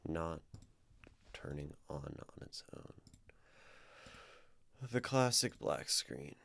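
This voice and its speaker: A man's voice: rumbling low, sing-song, slow pace, gravelly, fairly bright tone. A man streaming a casual poetry critique, chatting in a rambling way with restarts and tag questions. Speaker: streamer reviewing community writing.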